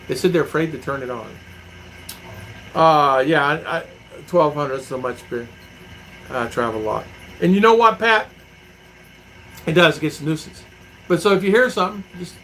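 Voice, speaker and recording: A middle-aged man from the United States talks loosely to his livestream audience, circling back and repeating phrases as he spins homespun stories. His voice sits a little high for a man and has a bright, forward edge. A faint hum of noise sits under the recording. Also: low-quality recording. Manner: rambling, repeats himself, folksy storytelling. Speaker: vlogger reading viewer comments. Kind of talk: casual livestream chat.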